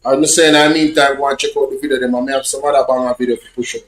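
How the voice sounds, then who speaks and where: Racing along in a level, mid-range voice, this Jamaican-accented vlogger tells his online viewers rambling, repetitive stories in patois. The room is echoey and the chat is casual storytelling.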